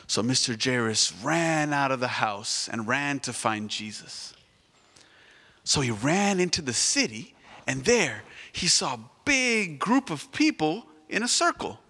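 A man telling a Bible story to children at church, asking them questions as he goes. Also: fairly high pitch. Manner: animated, asks the children questions. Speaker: children's sermon leader. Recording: echoey church hall.

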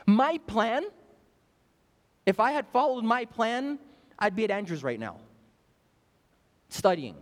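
Young male pastor, emphatic sermon delivery, animated pitch, reverberant hall. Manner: emphatic preaching, repeats phrases, asks the congregation questions. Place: church sanctuary.

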